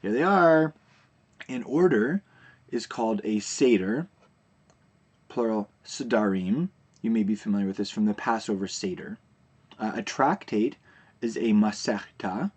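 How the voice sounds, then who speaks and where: A man teaching a recorded video lesson, explaining terms in a relaxed way with frequent fillers and restarts. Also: lowish voice, a little slow, pauses often, breathy edge.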